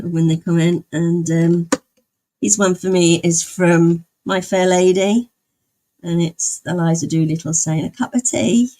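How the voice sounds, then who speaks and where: A woman's voice: on the low side, rough recording. A young woman streamer in casual chat, talking with her viewers and answering their comments as she goes. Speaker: livestreamer.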